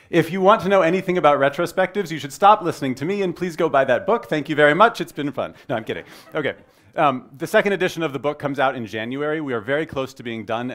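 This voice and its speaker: A man in his thirties giving a conference talk, energetic and joking, opening with a story. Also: mid-range voice. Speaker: conference speaker.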